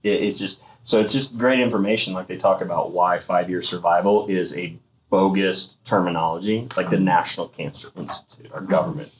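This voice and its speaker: A man's voice: deep voice, a little hiss or hum, rough recording. A man co-running a thermography clinic, explaining health screening emphatically in a casual discussion. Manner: emphatic, explanatory, fast-flowing.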